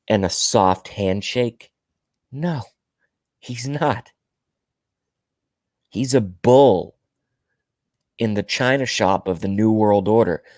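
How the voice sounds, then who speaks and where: A man's voice: fairly low pitch, a little mellow, no echo. A man delivering a ranting political monologue to camera, emphatic and indignant, often repeating himself for effect. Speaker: political commentary vlogger.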